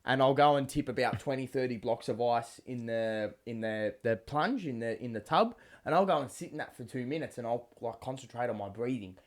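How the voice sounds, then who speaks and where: Aussie bloke hosting a podcast, keen and teasing, swears constantly, normal middle pitch. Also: male voice, a little fast, hardly any pauses. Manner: enthusiastic, swears freely, teasing. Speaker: podcast co-host. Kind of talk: casual podcast chat.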